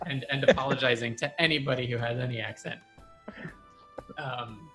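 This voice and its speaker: A man running a tabletop game as game master, narrating in a relaxed, hesitant way with frequent ums. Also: medium pitch, moderate pace, faint music behind.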